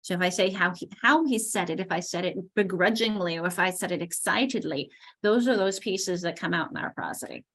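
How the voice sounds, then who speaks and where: A woman's voice: on the low side, a little fast, a bit bright. A middle-aged woman leading a teacher training, explaining ideas as she goes with frequent restarts. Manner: explanatory, thinks aloud with restarts. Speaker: literacy trainer.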